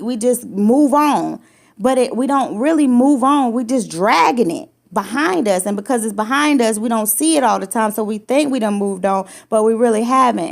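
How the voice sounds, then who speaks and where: Gravelly-voiced woman telling a personal story. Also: on the high side, darkish tone. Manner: emotional, repetitive restarts, acts out quoted lines. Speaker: podcast host sharing her story. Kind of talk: personal testimony, casual chat.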